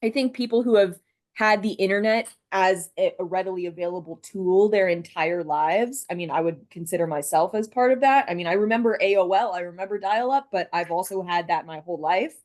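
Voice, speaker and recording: A woman's voice: lowish voice, brisk, darkish tone. Podcast guest, young woman, thoughtful, hesitant delivery. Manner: thoughtful, many fillers. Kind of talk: casual discussion.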